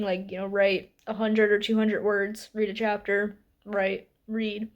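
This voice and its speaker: A young woman in her twenties vlogging from home about her reading, chatty and upbeat, with little laughs and quick asides. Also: fairly high pitch. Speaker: book vlogger. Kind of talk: casual reading vlog. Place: at home, indoors.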